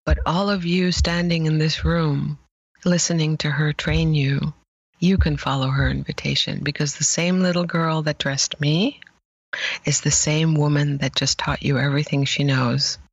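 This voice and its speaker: A woman image therapist, a guest in an interview, telling stories passionately with emphatic pauses. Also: sits low, fairly even intonation, vocal fry, slightly rough, no echo, lo-fi sound. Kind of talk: emotional storytelling interview.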